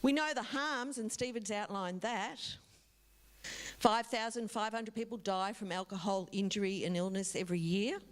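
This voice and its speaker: A middle-aged woman giving a public talk as a guest speaker, telling a vivid story and speaking directly to the audience. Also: fairly high pitch. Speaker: guest speaker from a drug foundation.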